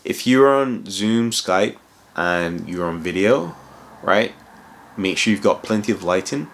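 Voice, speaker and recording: Deep-voiced man rambling through career tips. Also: expressive, measured pace, gravelly, fairly bright tone. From outside England, moved there. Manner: rambling, full of restarts and "you know". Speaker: cloud consultant giving career advice. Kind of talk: casual advice vlog.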